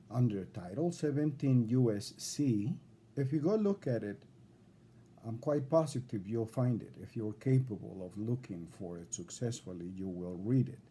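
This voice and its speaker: In a recorded video, a self-represented man addresses a judge directly in an indignant, lecturing tone. His mid-range voice is mellow, and he repeats himself often.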